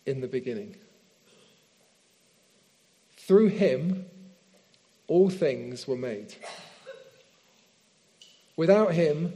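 A man preaching a sermon, leading a prayer and reading scripture slowly and earnestly. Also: on the high side. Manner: earnest, slows down and softens in prayer. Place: church hall with screen behind speaker. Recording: long hall reverb.

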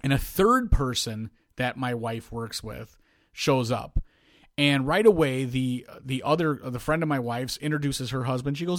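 A man's voice: medium pitch, moderate pace, no echo, clean studio sound. A man in his thirties co-hosting a casual comedy podcast, telling a story and acting out the people in it. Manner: animated storyteller, acts out quoted voices. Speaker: podcast co-host.

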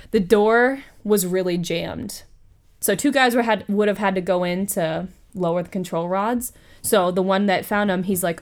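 A woman hosting a podcast. She retells a story in a casual, animated way, with profane asides. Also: medium pitch, moderate pace. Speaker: podcast host.

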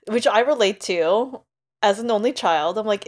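A woman's voice: medium pitch, unhurried. Chatty woman podcast co-host. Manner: chatty, acts out quotes in asides. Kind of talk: casual chat.

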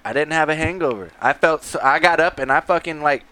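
A man's voice: on the high side, fairly quick, sharp tone, slight background noise. A man in his thirties co-hosting a podcast, trading joking, swearing banter and mock challenges in casual chat. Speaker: podcast co-host.

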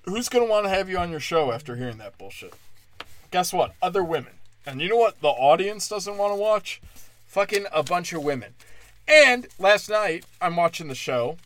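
A stand-up comic delivers crude, brash and profane material, animated and a little fast, sounding slightly tipsy. He slips into mocking, high-pitched impressions.

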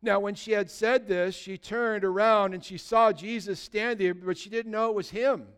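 Preaching as a pastor, this man sounds lively and conversational, firing off rhetorical questions while shifting from forceful volume to quiet murmurs. He has a high, smooth voice and keeps a moderate pace.

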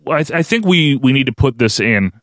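A man's voice: medium pitch, expressive, fairly quick, no echo, clean studio sound. A man co-hosting a podcast, chatting casually and steering the segment with ums and restarts. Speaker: podcast co-host.

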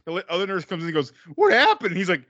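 Man, podcast co-host, animated, acts out lines, higher voice, dry close sound. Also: rapid-fire, no echo, lo-fi sound. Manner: animated, acts out quotes, laughs often. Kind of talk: casual film discussion.

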